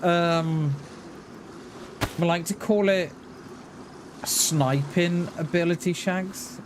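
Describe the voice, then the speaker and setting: A man streams a game and chats loosely with his viewers. He rambles, circles back and restarts his words. His voice sits a bit high, and clear background noise runs under the stream audio. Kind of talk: casual chat while gaming.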